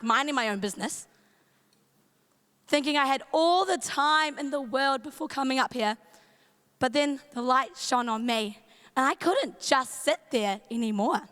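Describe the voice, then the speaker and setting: A woman's voice: high voice, a bit bright, clear, resonant tone. A woman youth leader with a New Zealand accent and a strained voice, giving a playful, chatty camp talk from a large events centre stage. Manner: playful, chatty, greets in Māori. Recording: long hall reverb.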